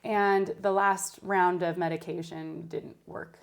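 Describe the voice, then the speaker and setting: Casting: woman in her 30s, nurse guest, lowish voice, candid and heartfelt. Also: steady tone, slow pace. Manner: candid storytelling, emotional at times. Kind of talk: casual interview chat.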